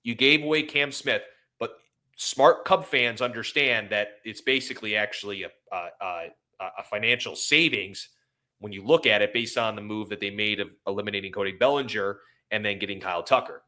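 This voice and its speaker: Pushed and bright, this man's fairly low voice moves at a moderate pace as he co-hosts a sports podcast. In emotional, casual sports talk he rants with passion, rambles, and apologizes for getting carried away.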